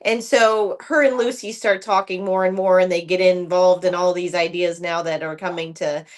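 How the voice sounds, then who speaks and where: A woman with a lowish voice co-hosts a casual podcast recap chat at a moderate pace. She retells scenes animatedly, acting out characters' lines and using lots of "like" and "um."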